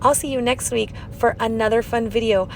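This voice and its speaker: A young woman hosting a crafting tutorial in a chatty voiceover, talking fast and bubbly with silly sing-song asides. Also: a little high, fairly even intonation, slight background noise.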